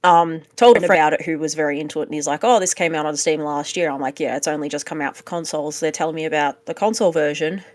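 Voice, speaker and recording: A woman's voice: deep voice, fast talker, hardly any pauses, a little mellow. A woman co-hosting a casual podcast, chatty and playful, teasing her co-host. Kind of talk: casual chat.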